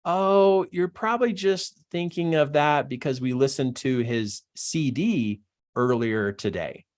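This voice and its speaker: A man's voice: on the high side, unhurried, pitched above the performer's own voice, lightly acted. A man voicing a young mother talking to her son from a car. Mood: dismissive.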